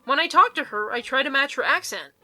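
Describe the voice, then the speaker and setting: A woman's voice: sits high, animated, brisk, sharp tone, no echo, soft background music, poor audio. A young woman reading online posts aloud and reacting with blunt, incredulous commentary and laughter. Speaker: YouTuber reading Reddit posts.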